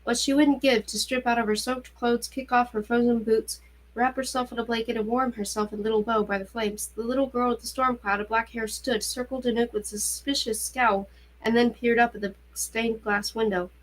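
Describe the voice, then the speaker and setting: A woman reading a novel aloud in a steady, even narrating voice. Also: fairly high pitch, normal speed, poor audio. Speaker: reader. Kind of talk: audiobook-style novel reading.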